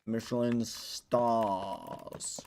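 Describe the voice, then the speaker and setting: A man voicing a snobby rich male restaurant critic with a drawn-out, posh, snooty accent. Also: medium pitch, fairly even intonation, darkish tone, slight background noise.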